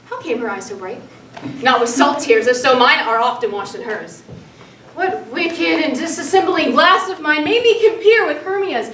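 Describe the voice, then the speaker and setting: A woman's voice: sits high, pushed and bright, slight background noise, full character voice. A young actress playing a lovesick, wounded young woman, pleading in verse in a school stage performance. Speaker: student actor. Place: theatre workshop room. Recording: echoey room, from far off.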